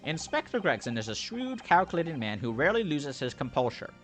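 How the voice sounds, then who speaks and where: A man's voice: on the high side, big pitch swings, brisk, fairly bright tone, faint music behind. A man voicing an earnest young male defense attorney in a game let's play.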